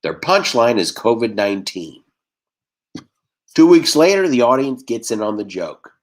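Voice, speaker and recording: This stand-up comedian, a Texan man with a medium-pitched voice, delivers his set via video call. Quick, dry one-liners come one after another, along with impressions of the people in his bits.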